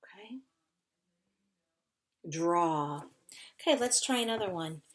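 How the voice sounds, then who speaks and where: In a slow, fairly low-pitched voice, a woman teacher patiently sounds out and spells words for children. It's a recorded phonics lesson given indoors at a whiteboard.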